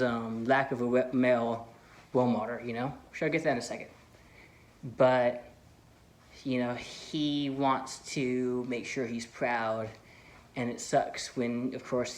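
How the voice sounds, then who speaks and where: A man vlogging casual movie commentary, rambling enthusiastically with lots of "like" and "you know". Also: mid-range voice. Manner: enthusiastic fan. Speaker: film vlogger.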